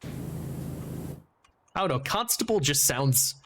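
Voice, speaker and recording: A man's voice: on the high side, sing-song, slow, fairly bright tone. A man streaming a game and chatting casually, rambling and joking as he interrupts himself. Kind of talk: casual livestream chat while gaming.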